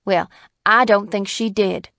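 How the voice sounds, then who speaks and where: A woman plays a blunt, stout-hearted farm wife in a period story, her speech firm, loud and forthright. The sound is close and dry, with no room around it. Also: mid-range voice, normal speed, no room sound, lightly acted. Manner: firm, forthright, with a rural lilt.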